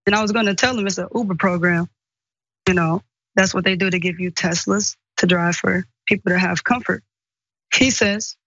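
A woman's voice: mid-range voice, normal speed, no room sound, muffled recording. A woman giving an emotional first-person account, acting out the voices of people she quotes. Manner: animated storytelling, acts out quoted speech. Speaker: guest recounting an assault.

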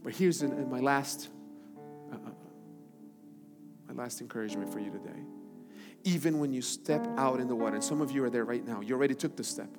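A male pastor preaches in a church sanctuary, his voice ringing with long reverb across a large hall. He surges to loud, high calls and then drops to near-whispered lines, with guitar playing softly underneath. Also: fairly quick, long pauses. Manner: preaching with big swings from shouting to hushed. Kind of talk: sermon.

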